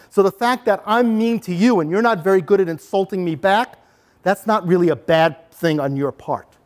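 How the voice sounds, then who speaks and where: Middle-aged guy teaching parents about bullying, lively, acts stuff out, high voice. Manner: animated, acts out scenes for the audience. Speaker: anti-bullying presenter. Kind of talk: parent workshop talk.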